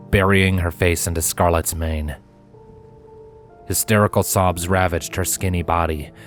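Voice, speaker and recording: A man reading a fan story aloud in dramatic, expressive audiobook narration. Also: low-pitched. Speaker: fanfiction reader.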